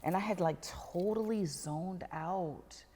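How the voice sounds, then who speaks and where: A middle-aged woman telling a personal story as a podcast guest, animated and dropping to whispers at tense moments. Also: fairly low pitch, slow pace, long reverb tail, a little hiss or hum.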